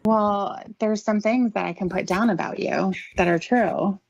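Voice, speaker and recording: A woman's voice: mid-range voice, a little slow, vocal fry, a little mellow, no room sound. A woman prank caller on a recorded phone call, speaking in a blunt, taunting way.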